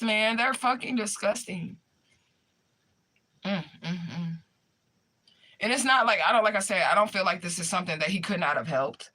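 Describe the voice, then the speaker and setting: A woman's voice: mid-range voice, lively intonation, moderate pace, long pauses, pushed and bright. A young woman chatting casually with her viewers, telling a story in an emphatic, profane way. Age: young adult. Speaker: spiritual medium streamer.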